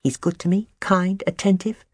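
The audiobook narrator voicing a sly, defiant young village dressmaker, read at a higher, lilting pitch. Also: steady tone, normal speed, breathy edge, no room sound, clean studio sound, close to an everyday voice.

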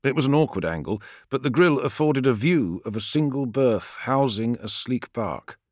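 A man reading a sci-fi novel aloud as narrator, with an expressive storytelling delivery. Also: medium pitch, normal speed, dry recording, clean studio sound. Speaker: audiobook narrator. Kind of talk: scripted narration.

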